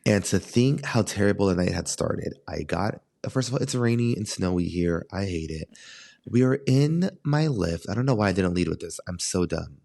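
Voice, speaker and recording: A man hosting a podcast, telling stories in a casual chat and jumping up in pitch when he acts out what people said. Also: normal speed, creaky. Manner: animated, jumps high in pitch when acting out quotes. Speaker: podcast host.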